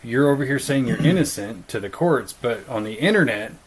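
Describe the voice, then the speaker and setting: A man co-hosting a podcast in casual chat, blunt and profane, mocking people with quick put-on quotes. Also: medium pitch, expressive, husky, low-quality recording. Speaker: podcast co-host.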